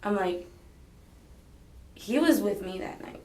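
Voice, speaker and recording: Speaking slowly and expressively, a woman with a dark, mid-range voice is the subject of a police interrogation. Her statement rambles and hedges, and she recounts conversations along the way, her words echoing around the room.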